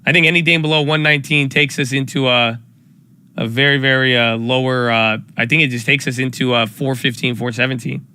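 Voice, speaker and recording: A man's voice: medium pitch, fairly quick, clean tone. A man hosting a live stock trading stream, talking casually and hyping up his viewers with repeated calls. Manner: hype, energetic, repeats phrases. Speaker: livestream stock trading host.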